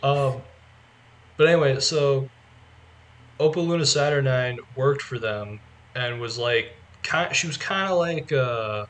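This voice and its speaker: Rambling male podcast co-host, bright tone. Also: mid-range voice, a little slow. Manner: rambling, heavy use of filler "like", eager explaining. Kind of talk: casual chat.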